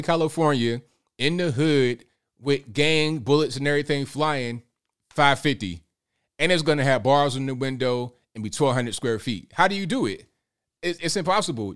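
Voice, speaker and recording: A man hosts a loose, casual commentary stream at an ordinary, middle-of-the-road pitch. He rambles from point to point, wanders off on tangents and speaks straight to his viewers. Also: a bit bright, smooth. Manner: rambling, digressive, addresses viewers directly. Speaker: livestream host.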